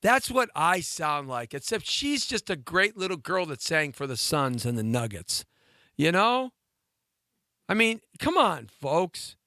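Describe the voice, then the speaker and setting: A man's voice: on the high side, very animated, measured pace, pushed and bright, no echo, studio quality. A middle-aged man hosting a live talk show, joking and teasing himself and his cohost in a playful way. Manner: playful, self-mocking, banters with cohost. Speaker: radio show host.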